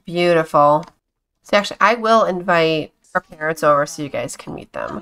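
Woman streamer with a bright voice, chatty and giggly, narrating her gameplay casually. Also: deep voice, normal speed. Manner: chatty, talks to her game characters; giggly, exclaims often.

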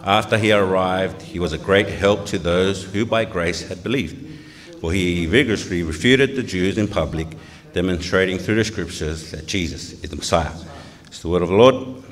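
A man's voice: low voice, normal speed. A male pastor from Tonga preaching a sermon in a church, earnest, putting questions to the congregation.

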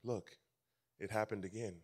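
A preacher playing an easygoing husband who talks in a low, hushed, confiding way. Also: male voice, steady tone, moderate pace, natural voice. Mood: sly calm. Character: easygoing husband, calm and sly.

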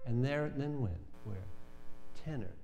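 Professor lecturing in an echoey hall. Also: male voice, medium pitch, animated, a little slow, creaky, muffled recording, over loud music. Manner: conversational, questions students, frequent restarts. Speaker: music professor. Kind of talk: university lecture. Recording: reverberant lecture hall recording.

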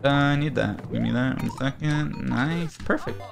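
A man's voice: mid-range voice, normal speed, gravelly, soft background music. A young man giving casual, self-mocking commentary while playing a platform game, yelping and swearing at his failures. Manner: sarcastic, self-mocking, yelps at fails. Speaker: gaming streamer.

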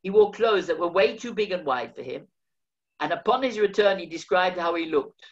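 An older man reads from his own memoir, unhurried and measured. His storytelling carries a wry edge. The recording sounds dull and lo-fi. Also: sits high, animated. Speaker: author reading his memoir.

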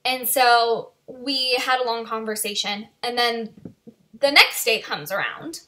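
A woman's voice: a little high, a little slow, bright, forceful tone. A woman in her twenties telling a story in a casual vlog, chatty and full of "like" and "you know". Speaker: vlogger.

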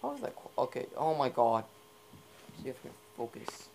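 A young man rambles through his gameplay commentary in a gravelly, creaky voice, stacking up fillers as he goes. The recording is noisy, with a steady hiss beneath his talk. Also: medium pitch, moderate pace. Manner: rambling, filler-heavy, easily sidetracked. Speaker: gamer.

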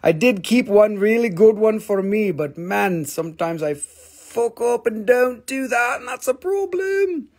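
A man's voice: sits high, sing-song, a little slow, darkish tone. A man selling minerals on a casual live stream, joking, swearing and rambling as he talks. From Appalachian Valley, United States.

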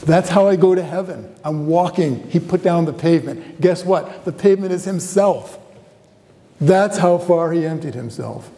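A man speaks in a large lecture hall before a live audience, giving a conversational university talk as a guest theology professor. He often asks the audience questions, and his warm voice is pitched on the high side.

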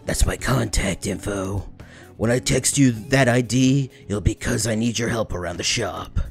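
A man reading game dialogue as a guarded male gun-shop owner, in a low gravelly growl with a terse, warning manner. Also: moderate pace, faint music behind.

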